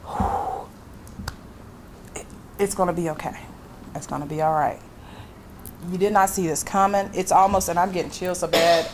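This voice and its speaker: A woman medium giving a live reading to an audience member at an expo, reassuring and emphatic, with breathy exclamations. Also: on the low side, a little hiss or hum. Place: expo hall.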